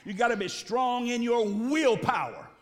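A man's voice: extremely high pitch, lively intonation, measured pace. A male pastor preaching an emphatic sermon and calling on the congregation to respond. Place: church sanctuary. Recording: long hall reverb.

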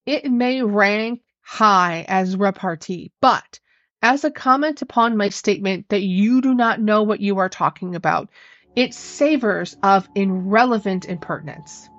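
A haughty, indignant ghost of a young woman, two centuries dead and forever dripping, read by a woman. She speaks formally and stiffly, and sits at a middling pitch. The sound is dry and a little dull, like a lo-fi recording. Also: unhurried, fairly bright tone, no room sound, close to an everyday voice.

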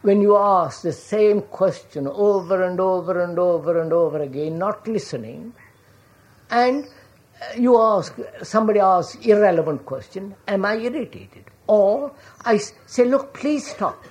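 A woman's voice: mid-range voice, animated, a little slow, darkish tone. A woman giving a reflective public talk, asking questions and often checking whether listeners follow, calling them sir. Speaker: public speaker.

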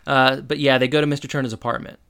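A podcast co-host recapping a TV episode in relaxed storytelling, acting out characters' lines. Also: mid-range voice, fast talker, creaky, clear, resonant tone. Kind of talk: casual TV-episode recap chat.

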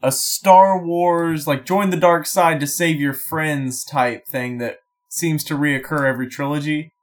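A man co-hosting a comedy podcast, curious and full of questions. His voice sits a little high. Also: steady tone, unhurried. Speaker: podcast co-host. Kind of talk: casual comedic banter.

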